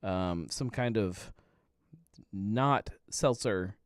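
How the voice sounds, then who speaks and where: A man's voice: on the low side, drawn-out words, no room sound, clean studio sound. A man in his thirties hosting a casual live happy-hour show from home, rambling in a laid-back way and chuckling often. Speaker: podcast host. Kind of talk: casual live-stream chat.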